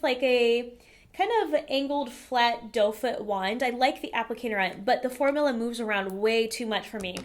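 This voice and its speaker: Chatty woman vlogger with a raised voice. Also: fairly high pitch. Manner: chatty, candid, frequent "um" and "like". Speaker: beauty vlogger reviewing makeup. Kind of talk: casual product review to camera.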